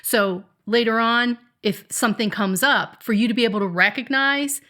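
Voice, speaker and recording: Middle-aged woman, bright sharp tone, emphatic advice-giving podcast co-host. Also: a little high, moderate pace. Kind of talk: casual podcast chat.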